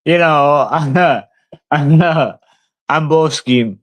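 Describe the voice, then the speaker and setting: A man's voice: fairly high pitch, takes it slowly. A man, talking casually and swearing a lot as he answers a live stream chat. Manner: brash, sweary, talks back to chat. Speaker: livestreamer.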